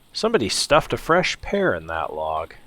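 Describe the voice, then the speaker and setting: A man giving relaxed, casual let's-play commentary, musing to himself as he explores. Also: lowish voice, measured pace. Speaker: gameplay commentator.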